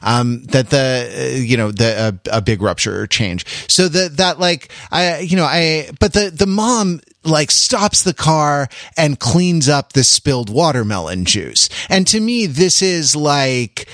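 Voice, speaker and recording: A man's voice: a little high, animated, measured pace, hardly any pauses, a bit bright, no room sound, clean studio sound. A man co-hosting a casual chat, rambling with many restarts and fillers. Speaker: podcast co-host.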